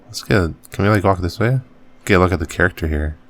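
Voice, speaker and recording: A man giving casual, relaxed commentary while playing a game. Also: deep voice, fast. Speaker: gaming channel host.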